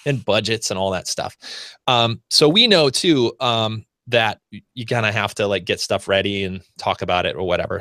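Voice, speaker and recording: An American man hosts a casual podcast, his voice bright and forceful with a slightly low pitch. He rambles along with frequent restarts and fillers. The sound is close and dry. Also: no echo. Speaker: podcast host.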